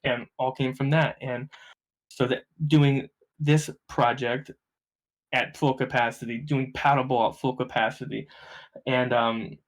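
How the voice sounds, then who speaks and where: A man's voice: medium pitch, a little slow. A young man, a podcast guest telling stories casually, swearing freely and acting out the voices of people he quotes. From New Jersey. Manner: profane, animated, acts out quoted voices. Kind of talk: casual storytelling.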